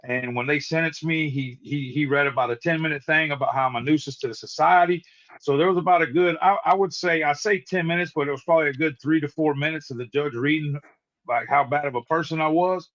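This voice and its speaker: A man's voice: a little high, quick pace, fairly bright tone, lo-fi sound. A man in his forties telling his recovery testimony as a guest, earnest and repeating words as he restarts his sentences. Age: 40s. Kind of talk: personal testimony storytelling. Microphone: remote live-stream call.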